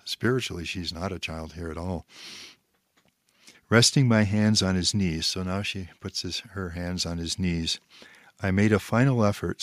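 A man reading a spiritual text aloud, pausing to comment in a measured, reflective way and stressing key phrases. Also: deep voice, no room sound, clean studio sound.

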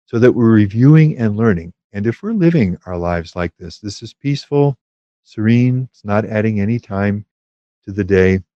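Male spiritual teacher, low voice, measured and hesitant delivery, dull lo-fi quality. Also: lively intonation, mellow, no room sound. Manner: measured, thoughtful, with frequent hesitations. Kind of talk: teaching talk on prayer.

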